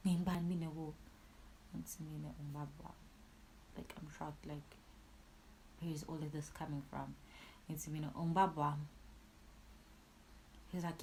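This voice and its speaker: Low-voiced young woman, storytelling. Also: normal speed, pauses often, a little hiss or hum, rough recording. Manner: raw, emotional, switching between hushed and loud. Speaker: YouTuber. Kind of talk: emotional storytime vlog.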